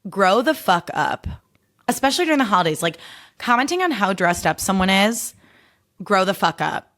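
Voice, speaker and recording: A woman's voice: mid-range voice, very animated, moderate pace, a bit bright. A woman in her thirties hosting a solo podcast, talking in a sassy, emphatic rant full of swearing. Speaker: podcast host.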